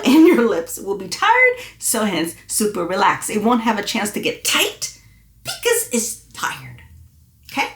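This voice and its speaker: A woman vocal coach leading an online singing lesson, encouraging and demonstrating exercises. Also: medium pitch. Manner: encouraging, demonstrates with sung hoots. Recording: echoey room.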